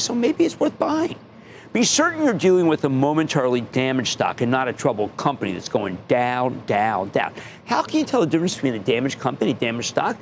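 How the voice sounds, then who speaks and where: A man's voice: medium pitch, a little hiss or hum. A middle-aged man hosting a television finance show, talking emphatically and repeating phrases for effect. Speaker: TV market show host. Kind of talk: energetic TV finance commentary.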